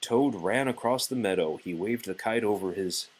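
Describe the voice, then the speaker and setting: A man reading a children's book aloud to a child, gentle and encouraging, pausing for the child to fill in words. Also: lowish voice, breathy edge, low-quality recording. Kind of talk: bedtime read-aloud.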